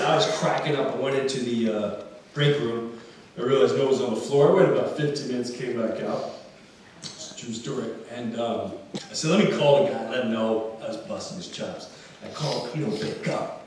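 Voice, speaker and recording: A man doing stand-up storytelling on stage, animated and laughing along with his own story. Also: fairly high pitch. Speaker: stand-up comedian. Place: live concert venue stage. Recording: echoey venue, distant mic, noisy.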